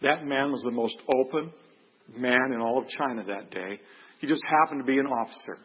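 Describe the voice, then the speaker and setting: A man's voice: medium pitch, normal speed, slightly rough. An older man earnestly telling a personal faith story in a plain-spoken way, acting out what people said. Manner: earnest, plain-spoken, acts out quoted lines. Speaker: speaker giving a testimony. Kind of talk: storytelling testimony. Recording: echoey hall, dull lo-fi sound.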